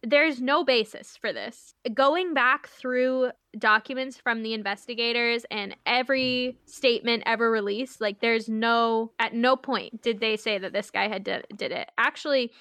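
A young woman co-hosts a casual true-crime podcast, narrating with lively, filler-heavy chat. Her voice sits high and sounds bright and sharp. The recording is close and dry. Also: unhurried, few pauses, clear, resonant tone, no room sound. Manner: chatty, animated storytelling with many fillers. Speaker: podcast co-host.

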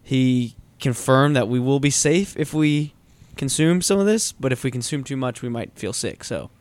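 A man's voice: mid-range voice, normal speed. A man co-hosting a podcast, chatting casually over beers with dry, laid-back teasing. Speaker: podcast co-host.

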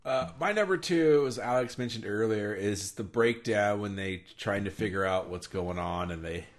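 A man's voice: on the low side, moderate pace. A man co-hosting a podcast, chatting casually and laughing often while quoting scenes. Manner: animated, laughing a lot, quoting scenes in put-on voices. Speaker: podcast co-host. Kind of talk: casual chat.

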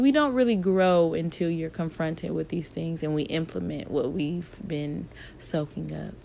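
A woman's voice: fairly low pitch, gravelly, a little mellow, a little hiss or hum. A woman in casual advice talk who answers viewer questions from her work with patients. She is reflective and encouraging, and she circles back to repeat her main points.

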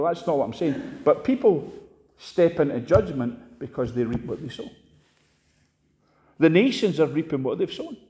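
A man preaching an impassioned sermon, swinging between loud emphatic peaks and hushed asides. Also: fairly high pitch.

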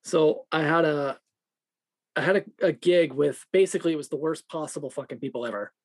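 A podcast co-host telling a work story in casual, profane, animated talk. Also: medium pitch, fairly quick.

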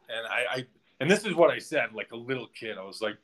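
A man's voice: mid-range voice, lively intonation, quick pace, fairly bright tone. A man, a podcast guest, telling a personal story in casual conversation, rambling with many restarts and "like"s.

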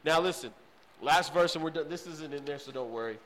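A man preaching a sermon with emphatic repetition, often checking in with the audience, swinging between loud bursts and hushed pleading. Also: fairly high pitch, a little fast, poor audio. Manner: emphatic and repetitive, addresses the crowd with "okay?".

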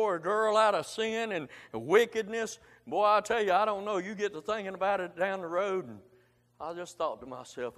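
A man's voice: high voice, fairly bright tone. A man with a drawl delivers a heartfelt sermon, his slightly raised voice swelling with conviction. He speaks colloquially and keeps coming back to "amen." His voice trails off into a long, echoing church reverb. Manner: fervent, colloquial, punctuated with frequent "amen". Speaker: preacher. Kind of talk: emotional Baptist sermon.

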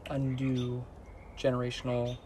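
A man talks openly as a podcast guest, thinking aloud and letting his sentences fade into quiet. His pitch sits in a middling range. Faint noise hums behind him. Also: completely flat delivery, a little slow. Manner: candid, reflective, trails off softly. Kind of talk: casual chat.

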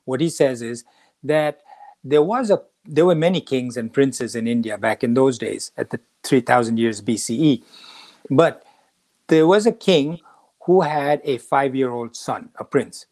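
A man's voice: mid-range voice, a little slow, a little mellow. A man hosting a spiritual talk, retelling a story in a casual way and acting out the characters' lines. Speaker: podcast host.

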